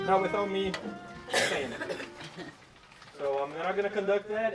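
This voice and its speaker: A man's voice: high voice, moderate pace, long pauses, music in the background. A man leading an orchestra rehearsal, giving instructions and singing the rhythms in syllables. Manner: sings rhythms in syllables while explaining. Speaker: orchestra conductor. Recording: distant voice with orchestra playing. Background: orchestra playing.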